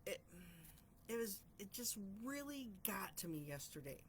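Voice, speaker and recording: Woman host, heartfelt and wandering, thinks aloud, mid-pitched voice, faint hiss behind. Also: big pitch swings, unhurried. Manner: heartfelt, rambling, self-searching. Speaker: host of a reflection channel. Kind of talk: personal reflective talk.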